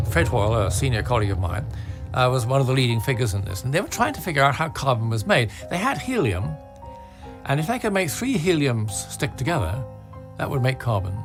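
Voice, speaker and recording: An older English man, a physicist and cleric, telling a science story in a measured, explanatory way. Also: medium pitch. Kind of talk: recorded lecture talk.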